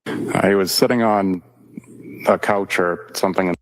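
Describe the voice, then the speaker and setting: A man, a firefighter, testifying in court with hesitant, short answers and many pauses. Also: low-pitched, steady tone, rough recording. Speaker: firefighter witness. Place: courtroom witness stand.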